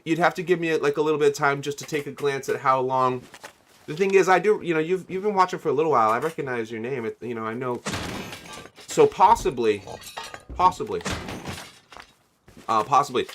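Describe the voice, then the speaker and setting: A man's voice: mid-range voice, fairly bright tone, slight background noise. A man livestreaming a game with a mid-range voice talks casually to his chat. He rambles, laughs often and thanks viewers by name as he goes. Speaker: game streamer.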